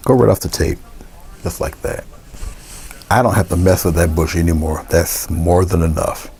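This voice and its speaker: Low gravelly man teaching painting. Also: moderate pace. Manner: relaxed, thinking aloud with many fillers and restarts. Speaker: painting instructor. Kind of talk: casual painting tutorial.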